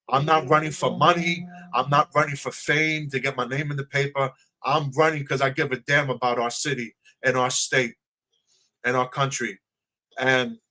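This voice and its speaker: Earnest bright-voiced New man. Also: fairly high pitch. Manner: earnest, emotional, repetitive speech-style. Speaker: political candidate. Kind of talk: livestream interview answers. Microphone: video call.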